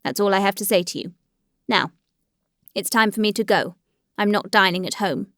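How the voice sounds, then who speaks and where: Woman reading cold sarcastic older husband, thin shrill voice, stiff and scornful, dry close sound. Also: normal speed, fairly bright tone, no room sound, natural voice. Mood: curt. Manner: stiff, resolute, contemptuous. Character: cold sarcastic middle-aged male husband.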